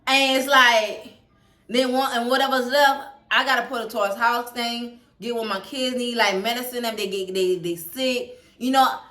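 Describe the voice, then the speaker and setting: A woman's voice: on the high side, steady tone, fairly bright tone, roomy sound. A woman vlogging as a single mother, talking straight to her viewers, near tears, often repeating and restarting her words. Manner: halting, repeats words, talks to viewers directly. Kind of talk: emotional personal vlog. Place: home room.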